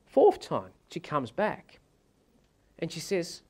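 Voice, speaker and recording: A male sales trainer runs a seminar, relating his anecdotes with animated, dramatic flair. His husky voice sits a little high for a man, and he takes his time.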